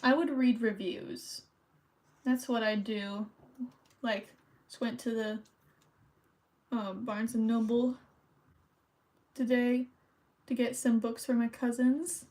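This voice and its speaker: A young woman chats casually on a stream as she decorates holiday cards. Her voice sits a little high, and she rambles and thinks aloud while she colors at her desk. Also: steady tone, slow pace, pauses often, a little mellow. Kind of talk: casual chat while crafting.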